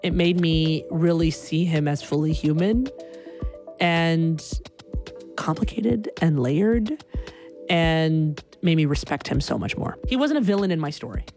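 A young adult woman telling a personal story in an animated way, acting out the people in it. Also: sits low, measured pace, soft background music.

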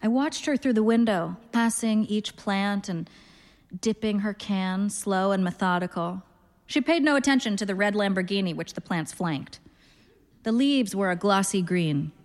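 A woman in her thirties reads her story in a dry, deadpan voice at a medium pitch. Her delivery stays understated and wry. A long reverb hangs around her, as if read in a hall. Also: normal speed. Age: 30s. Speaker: narrator, reader. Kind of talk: literary story reading.

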